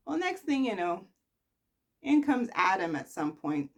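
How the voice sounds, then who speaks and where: Brief: woman recap host, casual and sassy, expressive, slow-paced delivery. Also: medium pitch. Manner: chatty, sassy, animated storytelling. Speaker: soap opera recap host.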